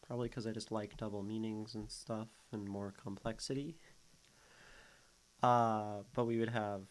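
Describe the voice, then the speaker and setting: His voice is on the low side with a steady tone at normal speed, and a little background noise can be heard. This streamer hosts a casual chat reading and critiquing poetry, humming out a poem's rhythms by vocalizing its beats and laughing frequently.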